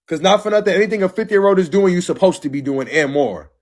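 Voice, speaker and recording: A brash young man in his twenties goes off on a live stream, sassy and profane. His voice sits fairly high with a husky, breathy edge. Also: animated, fast talker. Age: 20s. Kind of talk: casual live-stream rant.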